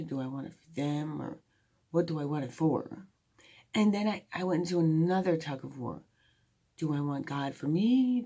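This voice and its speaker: A woman's voice: low voice, mellow, slightly rough. A woman musing candidly about faith and her past in a rambling, heartfelt late-night talk to a phone held close to her face. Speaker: vlogger. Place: at home at night.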